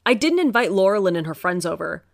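A woman's voice: mid-range voice, sing-song, quick pace, gravelly. A woman voicing a moody teenage boy who is jealous and pleading, speaking in a tense, insistent way.

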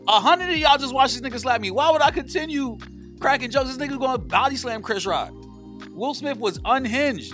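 A high-pitched man hosts a podcast and launches into a profane, animated comedic rant. Music plays clearly underneath his voice. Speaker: podcast host.

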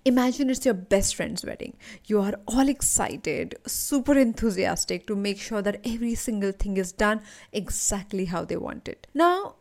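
A woman, a coach hosting a podcast, telling an animated motivational story and calling the listener her friend. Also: mid-range voice, normal speed. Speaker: leadership and anti-anxiety coach, podcast host.

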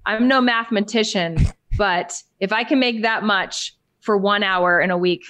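An animated woman in her thirties tells her story as a podcast guest, leaping up into high put-on voices whenever she quotes someone. Her middle-pitched voice sounds dry and close to the mic, with no room around it. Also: moderate pace, no echo. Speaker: podcast guest, business coach. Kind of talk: casual interview storytelling.

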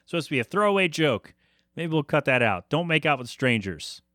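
A man's voice: fairly high pitch, sing-song, a little fast, a bit bright, dry recording, clean studio sound. A man hosting a podcast, recapping a TV episode in a casual, rambling way with jokey asides and self-corrections. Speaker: podcast host.

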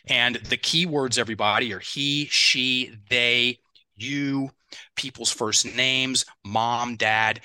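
A middle-aged man talks as an expert podcast guest and tells stories with plenty of energy. He often acts out other people's words. His voice is very bright and tense, recorded close and dry on a headset mic with no room sound. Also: mid-range voice, slow pace, clean tone, dry recording. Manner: animated, acts out other people's words, addresses listeners directly. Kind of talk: conversational podcast interview with storytelling.

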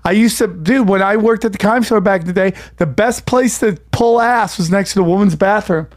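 A man's voice: high-pitched, brisk. A male comedian riffing crudely in casual podcast chat.

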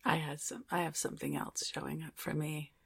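A woman guest on a podcast, speaking softly and supportively during a channeling session. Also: low-pitched, level tone, fairly quick, vocal fry, husky.

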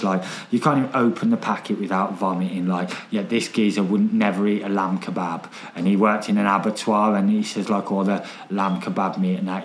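Guy in his 30s, chatty and a bit low-voiced, rambling storyteller who swears a lot. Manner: chatty storyteller, swears freely, repeats himself. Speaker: podcast guest. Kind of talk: casual chat.

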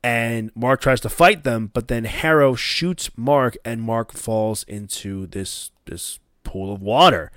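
A man hosting a casual chat, excitedly recapping an episode and swearing as he acts out scenes in a raised voice. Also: medium pitch, slow pace, few pauses, smooth, no room sound, studio quality. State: coughing. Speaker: podcast host.

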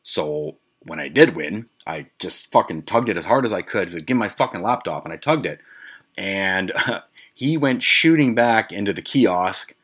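Deep-voiced man ranting, swearing freely. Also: lively intonation, unhurried, fairly bright tone, husky. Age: adult with a grandmother. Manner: profane, rambling, with many restarts and fillers. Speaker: podcast host. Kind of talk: casual storytelling rant.

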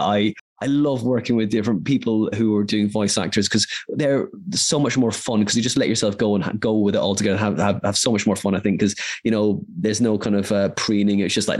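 A man's voice: fairly low pitch, a little mellow. A man in his forties from Ireland, a voice actor telling long, rambling stories in a casual interview. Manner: rambling anecdotal storyteller, quick bursts.

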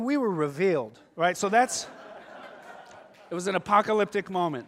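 Middle-aged male pastor, sermon, lively storyteller, swings loud to hushed, high voice, long reverb. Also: normal speed, a faint crowd. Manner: animated storytelling with sudden shifts from loud to hushed.

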